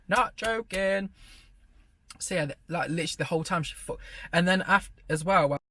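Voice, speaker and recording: A man's voice: fairly high pitch, steady tone, quick pace, pushed and bright, breathy edge, no room sound. A young man vlogging, telling a gossipy story in a sweary, sarcastic way and laughing often, filmed on a phone camera. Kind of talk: casual storytelling mukbang.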